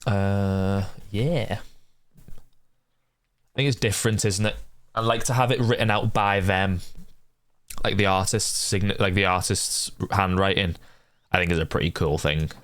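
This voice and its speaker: A young man casually chatting with his stream viewers while playing a game, often swearing and yelling at the characters on screen. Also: fairly low pitch, steady tone, unhurried, dry recording. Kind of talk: casual gameplay chat with viewers.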